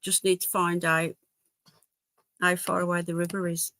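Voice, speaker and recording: A woman's voice: lowish voice, level tone, normal speed, pushed and bright. A woman hosting a casual live stream from home, chatting to viewers and her dogs. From England. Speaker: livestream host. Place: home, indoors.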